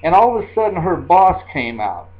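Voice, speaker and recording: Older guy in his 60s rambling thru an old story, folksy, kinda high voice, dull lo-fi audio. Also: very animated, normal speed. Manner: rambling, repeats himself, folksy. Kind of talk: casual personal storytelling. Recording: dull lo-fi recording.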